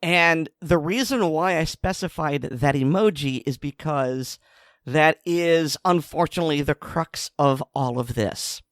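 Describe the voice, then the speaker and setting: A man with a fairly high, slightly bright voice speaks unhurriedly, recorded in studio quality with no room sound. He co-hosts a podcast, retelling a news story in a casual, sardonic manner.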